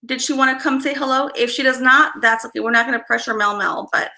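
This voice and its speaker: Woman host, bright, slightly high voice, chatty and quick to laugh, echoey room. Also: vocal fry. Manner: chatty, apologetic, laughs easily. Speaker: livestream host doing card readings. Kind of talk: casual live-stream chat.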